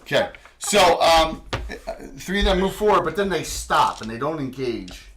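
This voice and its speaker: A man acting as dungeon master, running a tabletop game in a relaxed, chatty way with lots of fillers. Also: fairly high pitch, moderate pace.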